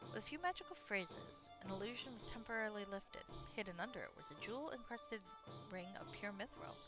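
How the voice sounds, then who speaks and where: A woman's voice: mid-range voice, expressive, fairly quick, over music, lightly acted. A woman voicing Vagar, a whimsical tavern lore-teller in a fantasy game, speaking in grand, old-fashioned phrases. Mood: storytelling.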